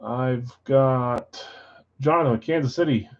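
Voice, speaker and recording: A man's voice: mid-range voice, a little slow, muffled recording. A man hosting a live card break stream, reading off names and teams with chatty asides.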